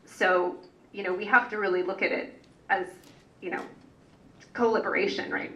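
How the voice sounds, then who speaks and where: A parent organizer, she speaks unscripted on a public panel in a mid-range, sharp-toned voice at normal speed with fairly even intonation. She comes across earnest and rambling, with many fillers and restarts, and the distant mic catches an echoey hall.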